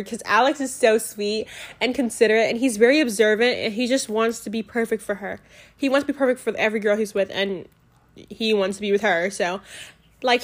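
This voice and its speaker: Chatty young woman rambling about books. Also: on the high side. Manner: rambling, many "like" fillers, excitable. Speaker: book reviewer. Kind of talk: casual book review chat. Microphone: home mic.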